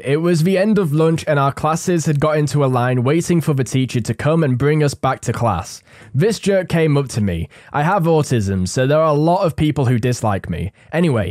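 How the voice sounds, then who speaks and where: A man's voice: medium pitch, a little mellow, no room sound. A young man reads stories aloud and adds wry, casual comments between them. His voice sits in a middle range. The sound is close and dry. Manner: casual, wry asides after each story. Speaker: story narrator.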